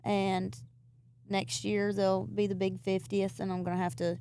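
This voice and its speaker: A woman's voice: mid-range voice, flat delivery, a little slow, warm tone. Candid Appalachian Southern woman. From rural Virginia. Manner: candid, rambling, self-interrupting, laughs easily. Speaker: guest songwriter. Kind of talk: casual interview chat.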